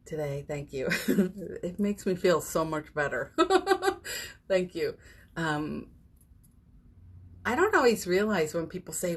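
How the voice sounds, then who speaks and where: Hosting a daily live morning session, a woman talks casually and encouragingly about a spiritual practice, sprinkling in fillers and little laughs. Her fairly low voice is expressive and breathy-edged, moving a little slowly with long pauses. She's picked up by a phone or webcam on a live stream.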